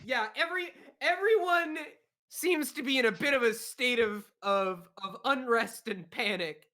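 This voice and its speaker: A man's voice: very high voice, a little slow, bright, forceful tone. A man narrating a tabletop game as dungeon master, hesitant with many fillers and restarts.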